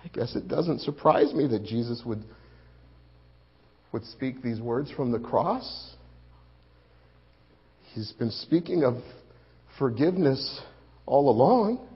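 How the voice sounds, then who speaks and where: A man's voice: mid-range voice, animated, breathy edge, dull audio, voice pushed down, full character voice. A man playing an anguished grieving disciple. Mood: reflective. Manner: anguished, halting, repeats words. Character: grieving male disciple at the crucifixion. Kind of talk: dramatic monologue.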